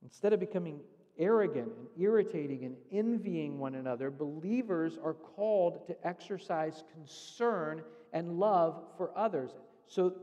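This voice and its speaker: A male pastor preaching with a slightly raised pitch and an earnest teaching manner. He walks through scripture step by step. His voice rings with the long reverb of a church sanctuary. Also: dark tone, lo-fi sound. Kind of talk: sermon.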